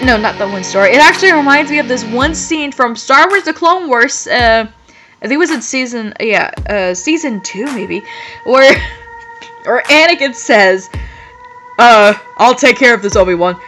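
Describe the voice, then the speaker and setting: Over background guitar music, a woman gives a comedic reading of fan fiction, stopping to mock it and laughing frequently. She speaks at normal speed in a high, pushed, bright voice with lively intonation, on a rough recording.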